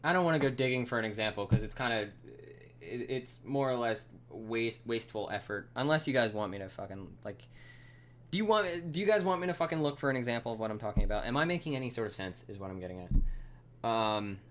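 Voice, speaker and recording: This live-coding streamer has an expressive, mid-range voice that's a bit bright and quick. He rants casually, swearing and using lots of fillers, and mutters bits of code to himself between outbursts.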